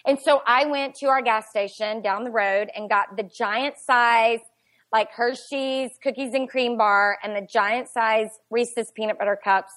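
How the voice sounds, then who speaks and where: Woman, 40s, podcast guest; slightly high voice, chatty, animated storytelling full of "like". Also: a little slow. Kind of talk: casual storytelling chat.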